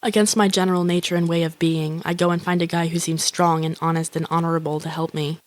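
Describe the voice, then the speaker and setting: This flat, deadpan inner monologue comes from an actress playing a lonely young woman with grandiose, self-absorbed musings and casual swearing. She speaks fast in a slightly low voice that scarcely rises or falls, lightly acted and recorded close and dry without room sound.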